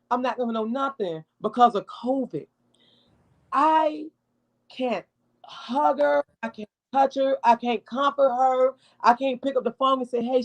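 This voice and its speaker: A middle-aged woman, speaking emotionally and bluntly about her sick daughter, close to tears. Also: a little high. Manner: raw, tearful, blunt, profane. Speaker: mother of a hospitalized daughter, guest. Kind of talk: emotional personal testimony.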